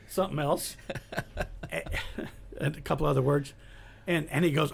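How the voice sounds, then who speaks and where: An older man, a retired police detective, telling animated anecdotes in a casual chat. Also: on the high side, moderate pace, vocal fry, husky. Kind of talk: casual storytelling.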